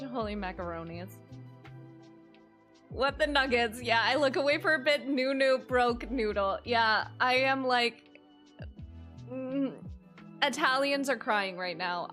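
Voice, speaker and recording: A young woman streamer chatting casually with her viewers, excitable and quick to squeal minced oaths. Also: fairly high pitch. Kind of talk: casual live-stream chat.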